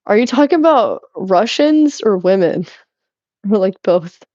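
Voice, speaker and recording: A woman's voice: medium pitch, animated, measured pace, mellow, no echo, muffled recording. A young woman streaming as she cleans at home, chatting playfully and teasing her viewers in a rambling way. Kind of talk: casual chat while cleaning. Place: indoors at home.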